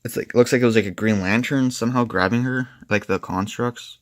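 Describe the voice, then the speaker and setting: A man's voice: mid-range voice, a little fast, no room sound. A young man reviewing a comic book in casual, rambling, profane chat, full of "like" and "and stuff". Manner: rambling, profane, filler-heavy.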